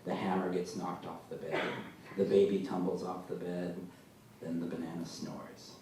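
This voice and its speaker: A man as an author at a live literary reading, telling his story in a dry, deadpan way, recorded from far off in a large hall. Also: sits low, normal speed. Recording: echoey hall, mic far off, faint noise.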